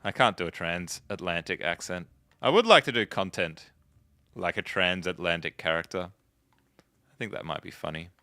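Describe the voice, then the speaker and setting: A man's voice: low-pitched, animated, moderate pace, bright, forceful tone, dry recording. A man giving casual gameplay commentary, chatting and musing aloud to himself as he plays. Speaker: let's play host.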